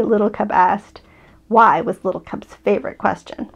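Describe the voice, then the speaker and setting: A woman in her thirties gently reading a bedtime picture book aloud, with a soft voice and hesitant fillers. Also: medium pitch, fairly even intonation, normal speed, vocal fry, lo-fi sound. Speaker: video creator reading a book.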